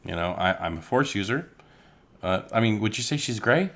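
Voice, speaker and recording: Deep-voiced, laid-back male podcast co-host. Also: lively intonation, moderate pace, a bit bright. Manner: laid-back storyteller, casual swearing. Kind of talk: casual chat.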